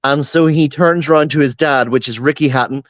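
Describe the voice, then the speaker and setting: Guy with a slightly high voice telling teasing stories, dry sound, no room echo. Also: a little fast. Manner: wry, teasing storyteller. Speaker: co-host. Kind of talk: casual chat.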